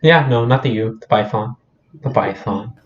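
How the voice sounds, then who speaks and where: A man's voice: fairly low pitch, normal speed. A young man from the Philippines, co-hosting a casual podcast with friends, laughing often and joking in mock accents. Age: young adult. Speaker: podcast co-host. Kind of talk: casual chat between friends. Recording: dull lo-fi audio.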